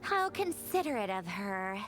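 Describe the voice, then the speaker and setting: A brusque woman mechanic from a video game, impatient and curt. Her voice sits at a middle pitch and swings widely as she snaps orders. Under the grumbling she is a caring sort. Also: big pitch swings, a little slow, soft background music. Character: gruff woman mechanic, grumpy but secretly caring.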